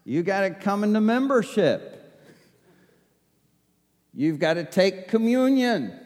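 A man's voice: high voice, sing-song, slow, darkish tone, voice pushed up, exaggerated voice. A man voicing a rule-bound, preachy man who lectures in a casual, dismissive way. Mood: lecturing. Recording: echoey hall.

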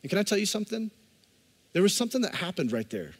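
A man preaching a heartfelt sermon as a pastor, his fairly high voice carrying long echoes through a large church hall. He speaks directly to his listeners, pressing each point home with earnest conviction. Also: big pitch swings, quick pace, slightly rough.

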